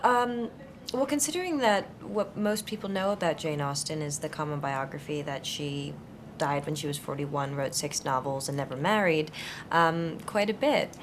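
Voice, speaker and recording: A woman's voice: sits low, moderate pace, noisy background. A young actress in her twenties answering interview questions thoughtfully, searching for words with frequent fillers and restarts. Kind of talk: conversational interview.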